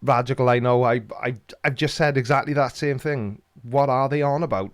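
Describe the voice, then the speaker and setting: A man's voice: mid-range voice, steady tone, normal speed, few pauses, no room sound. A Welsh man hosting a live stream, reading out chat comments with dry, teasing humor. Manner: jokey, dry teasing banter.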